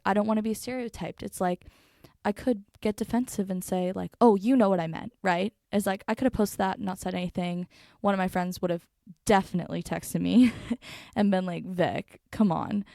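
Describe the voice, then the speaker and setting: A woman's voice: medium pitch, vocal fry, warm tone, no echo. A young woman hosting her own podcast, thinking aloud in an earnest, reflective way with lots of fillers and restarts, sitting close to a microphone. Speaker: podcast host. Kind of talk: reflective solo podcast talk. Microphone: studio microphone, close.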